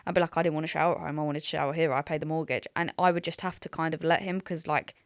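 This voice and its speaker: A woman's voice: low voice, steady tone, racing, clear, resonant tone, no room sound, studio quality. A young woman chatting on a podcast, slangy and self-mocking about her past. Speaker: podcast co-host. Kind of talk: casual chat.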